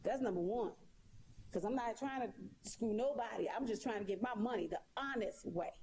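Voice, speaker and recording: A woman's voice: fairly high pitch, moderate pace, darkish tone, a little hiss or hum. A woman talking straight to her viewers in a casual monologue, sassy and emphatic, repeating her points. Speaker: live streamer.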